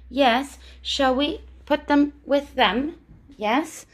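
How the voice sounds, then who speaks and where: In a high voice, a teacher leads little kids through phonics, saying every word slowly more than once and tossing out lively questions.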